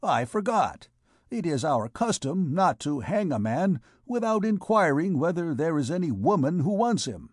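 A man voicing a loud, swaggering male vagabond chief who bellows and mocks. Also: fairly high pitch, big pitch swings, moderate pace, husky, no room sound, studio quality, pitched above the performer's own voice. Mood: mocking. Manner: bellowing, mocking auctioneer calls. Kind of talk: audiobook character voice.

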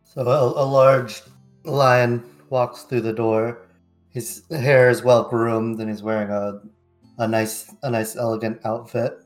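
A man's voice: medium pitch, little pitch movement, slow pace, faint music behind. A man playing a tabletop game, describing his character in a casual, hesitant way. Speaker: player. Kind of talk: tabletop role-play.

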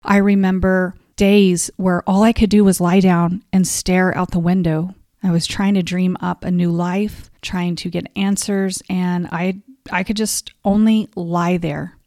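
A woman's voice: fairly low pitch, little pitch movement, unhurried, dark tone, no echo, clean studio sound. Heartfelt woman sharing a personal story. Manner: heartfelt and confessional; openly emotional at times. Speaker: podcast host.

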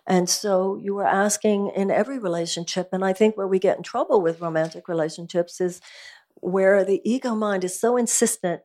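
A woman speaking as a guest at a live event, talking about spiritual life in an earnest, animated, emphatic way. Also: medium pitch, brisk. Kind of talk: conversational talk at a live event.

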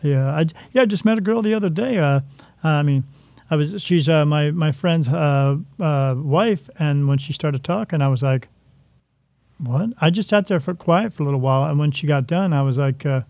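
A man's voice: a little high, fairly quick, darkish tone, dry recording. A man hosting a casual talk show, rambling and joking with many restarts, in a dull lo-fi recording. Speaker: podcast host. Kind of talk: casual chat. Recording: dull lo-fi dry sound.

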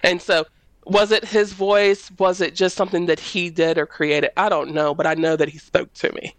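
Speaking as a prophet, a woman recounts her own faith testimony during a panel conversation. There's no echo, and at a moderate pace she turns it into a lively story, voicing the quoted speakers in a high register.

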